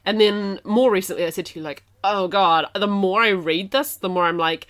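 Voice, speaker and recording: A woman hosting a casual podcast chat, talking quickly and animatedly, often laughing. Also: medium pitch, a bit bright. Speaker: podcast host, game developer.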